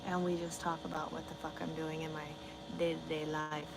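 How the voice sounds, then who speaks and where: A woman's voice: low voice, little pitch movement, a little fast, noisy background. A woman truck driver on a casual livestream, answering her chat bluntly and swearing freely. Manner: blunt, swears a lot, talks back to chat.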